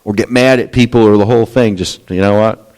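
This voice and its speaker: A man preaching a Bible study sermon, talking candidly and conversationally, rising into animated quoted lines. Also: lowish voice, fairly quick. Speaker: pastor. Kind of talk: expository sermon.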